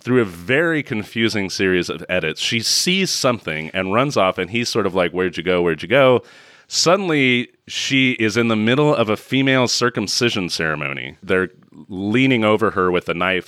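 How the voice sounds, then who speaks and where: A man co-hosting a casual podcast, telling a movie's plot with sarcasm. His pitch jumps around a lot as he laughs at the absurd parts, and the recording is close and dry. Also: sharp tone, dry recording. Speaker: podcast co-host. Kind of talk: casual movie recap chat.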